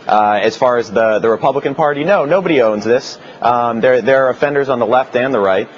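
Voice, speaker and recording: A man's voice: medium pitch, muffled recording, slight background noise. Earnest man interviewed on TV. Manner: earnest, halting with many fillers. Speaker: guest protest organizer. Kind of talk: TV news interview.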